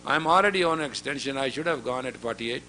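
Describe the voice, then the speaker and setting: A man's voice: medium pitch, brisk, bright, forceful tone, slight background noise. A man in his fifties, a spiritual teacher giving a lecture to a women's class, talking directly and scolding, often turning questions on his listeners. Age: 50s. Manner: direct and admonishing, asks the audience questions.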